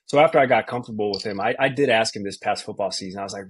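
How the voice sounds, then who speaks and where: A man in his thirties from Colorado, a sports anchor telling a casual, animated story as a podcast guest, full of slang. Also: fairly low pitch, rapid-fire, few pauses, husky. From Colorado, USA.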